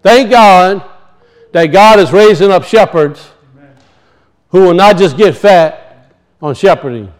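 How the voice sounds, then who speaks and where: A man preaching a sermon, emphatic, slowing down to teach word meanings and dropping low and quiet for weight. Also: faint music behind. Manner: emphatic, slows to teach words, drops low and soft for weight.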